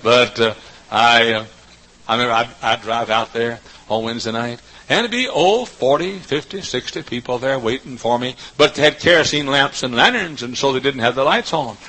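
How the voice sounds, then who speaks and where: A man preaching a sermon, going from quiet storytelling to high shouted peaks. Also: moderate pace, rough recording. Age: older. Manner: fiery, swings from soft talk to high shouts. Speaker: pastor.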